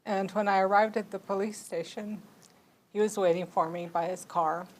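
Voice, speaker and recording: A woman's voice: medium pitch, flat delivery, normal speed. A woman on a city council giving a heartfelt tribute speech, telling a story in an earnest, emotional way.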